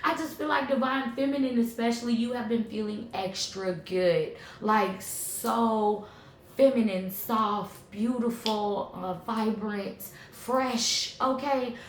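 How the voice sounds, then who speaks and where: A woman giving a tarot reading in an animated, emphatic, slangy way, checking in often with her viewers. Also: a little high, slow pace, echoey room. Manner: animated, emphatic, slangy and conversational with repeated "okay?". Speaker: tarot reader.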